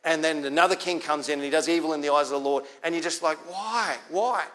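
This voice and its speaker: A man's voice: fairly high pitch, level tone, rapid-fire, fairly bright tone. A man with an Australian accent preaching a sermon as pastor, in a conversational way, repeating key lines for emphasis.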